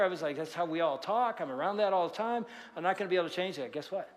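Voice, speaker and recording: A man's voice: fairly high pitch, long reverb tail. A man in his sixties preaching a sermon in a church, in a conversational, storytelling way with frequent asides. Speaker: pastor. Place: large church auditorium.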